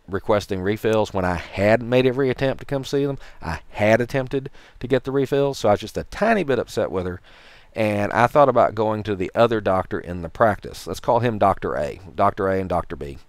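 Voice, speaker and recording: A man with a Tennessee accent talks to the camera in a low, smooth voice. He tells his story in a rambling, dryly sarcastic way. The sound is close and dry, with no room echo. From Tennessee, USA. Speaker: vlogger. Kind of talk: casual talk to camera.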